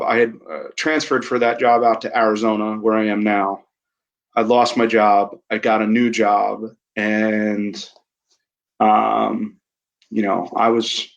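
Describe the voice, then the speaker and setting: A man, an army veteran guest on a podcast, speaking candidly and haltingly, often restarting his sentences. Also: medium pitch, gravelly, muffled recording. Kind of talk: candid interview conversation.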